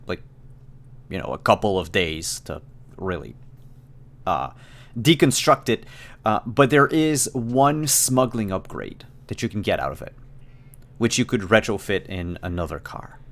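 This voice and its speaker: A man running a tabletop role-playing game as game master, describing scenes in a relaxed, hesitant way with frequent fillers. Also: on the low side, measured pace.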